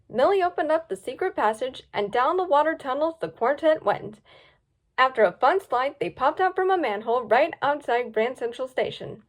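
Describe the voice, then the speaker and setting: A woman reading a story aloud with plenty of lift. Her voice is high and moves up and down a lot as she brings the scenes to life. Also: moderate pace. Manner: lively, expressive reading. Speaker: story reader.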